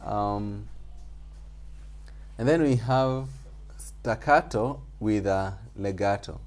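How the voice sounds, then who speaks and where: Over a video call, a man teaches an online group music theory class, explaining patiently and repeating points with small fillers. He speaks slowly in a lowish voice.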